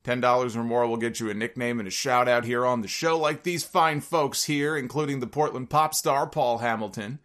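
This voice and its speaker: A man hosting his own wrestling podcast, joking through sponsor reads and rattling off listener shout-outs. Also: moderate pace, few pauses. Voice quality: sometimes gravelly low notes. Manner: jokey wrestling-fan banter, rattles off listener names. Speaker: podcast host.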